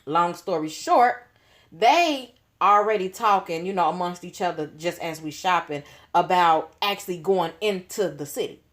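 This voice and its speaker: A woman's voice: on the low side, normal speed. Slangy woman telling a story. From Chicago. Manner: animated, slangy, leans on "you know what I'm saying". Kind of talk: casual storytime.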